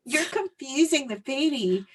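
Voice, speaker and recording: A woman co-hosting a podcast, telling stories in casual chat with animated delivery and frequent laughter. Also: high voice, measured pace, a little hiss or hum. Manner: animated storytelling, laughing often. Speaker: podcast co-host.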